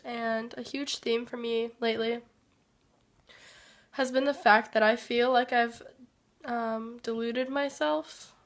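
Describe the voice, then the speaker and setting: Hoarse sick woman talking slowly. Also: fairly high pitch, a bit bright. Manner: slow, hesitant and reflective, many pauses and fillers. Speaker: vlogger. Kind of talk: personal life update. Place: workplace.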